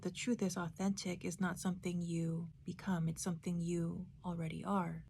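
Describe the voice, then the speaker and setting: A woman's voice: fairly low pitch, vocal fry, mellow, slight background noise. A woman giving a casual spoken book review, reflective and thinking aloud with tag questions.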